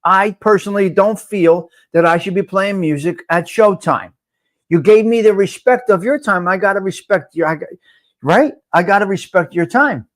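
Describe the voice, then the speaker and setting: Man, live-stream host, high voice, loud, swearing, chatty. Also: moderate pace. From North Jersey. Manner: loud, profane, talks to viewers by name. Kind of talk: casual live-stream chat.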